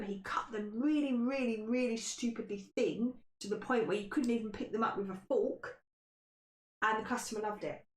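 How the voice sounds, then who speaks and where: Woman quiz host in an echoey room. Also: mid-range voice. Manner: stumbles on hard words. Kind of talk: casual podcast chat, reading quiz questions. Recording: echoey room, faint noise.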